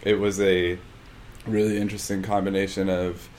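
A man's voice: deep voice, flat delivery, normal speed, darkish tone, a little hiss or hum. A man co-hosting a podcast in casual chat, rambling and hesitant with many fillers. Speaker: podcast co-host.

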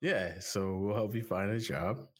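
A man co-hosting a podcast in casual chat, joking and rambling through ad reads with big swings in pitch. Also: measured pace. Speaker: podcast co-host.

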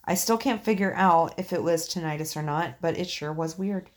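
A woman reading listener ghost stories on a podcast in a relaxed, chatty way. She swears offhandedly and laughs easily with her co-host. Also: on the low side, normal speed. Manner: swears casually, laughs often. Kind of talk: casual podcast chat and story reading.

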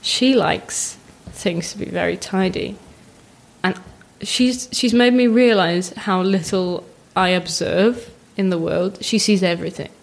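A young woman, a podcast guest chatting casually, self-mocking and animated, acting out what others say. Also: mid-range voice, gravelly. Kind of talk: casual chat.

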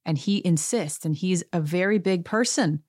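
A woman's voice: on the low side, normal speed, a little mellow, no echo, studio quality. A middle-aged woman hosting a recap show, chatty and sarcastic, acting out quotes in bigger voices. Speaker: podcast host recapping a reality show. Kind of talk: casual recap monologue.

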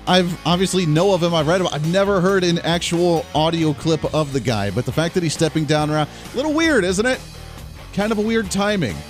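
A man's voice: on the high side, expressive, brisk, soft background music. A man hosting a political talk radio show in a casual, sarcastic way, laughing at his own jokes.

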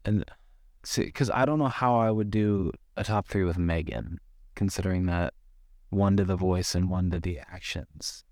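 Deep-voiced man, relaxed podcast chat. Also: normal speed, dry recording, clean studio sound. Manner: relaxed, rambling, mild swearing. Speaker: podcast co-host. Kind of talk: casual movie review chat.

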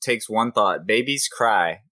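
A man on a podcast panel, talking quickly and asking questions. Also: fairly low pitch, animated, sharp tone, dry recording, clean studio sound. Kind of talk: casual panel chat.

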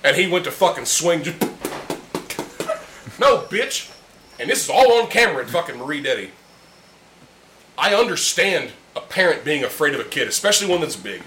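Hosting a casual podcast over beers with friends in a room, a man talks at a quick pace in a high-ish, very animated voice that sounds pushed and bright. He's blunt, heated, and swears heavily. The audio has a roomy echo and a faint hum.

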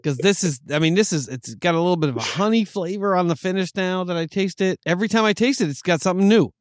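A man's voice: high voice, quick pace, dry recording, studio quality. A man co-hosting a podcast, chatting enthusiastically and rambling with restarts while tasting drinks. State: hiccuping. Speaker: podcast co-host. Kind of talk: casual chat.

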